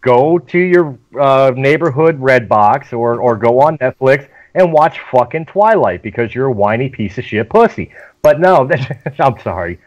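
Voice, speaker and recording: A man's voice: medium pitch, animated, unhurried, muffled recording. A man co-hosting a casual online chat, joking and teasing the others. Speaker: podcast co-host.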